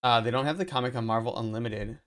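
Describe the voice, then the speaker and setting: This male streamer covers crypto collectibles live from his computer, chatting loosely and thinking aloud as he rambles. He talks fast, his medium-pitched voice a bit bright, through a desk mic.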